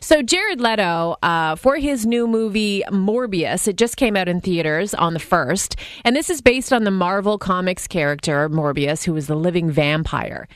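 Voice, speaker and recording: A woman's voice: fairly low pitch, lively intonation, moderate pace, few pauses, no echo, clean studio sound. A woman co-hosting a radio show, chatty and laughing often as she talks. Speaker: radio co-host. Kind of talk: casual radio chat.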